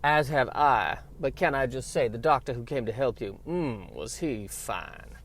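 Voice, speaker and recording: A man's voice: mid-range voice, expressive, unhurried. A man doing a coy, flirtatious Southern lady. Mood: flirty.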